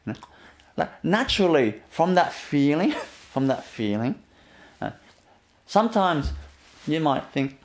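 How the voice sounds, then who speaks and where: A man giving a gentle inspirational talk as a spiritual teacher, often laughing softly and leaning on "you know" as he repeats himself. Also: on the high side, very animated, a little slow. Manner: repetitive, fills with "you know".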